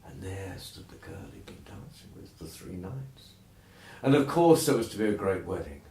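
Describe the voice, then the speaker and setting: A male storyteller telling a folk tale in an animated, conversational way, with asides to the listeners. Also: sits low, normal speed. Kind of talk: oral folktale telling. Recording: roomy echo.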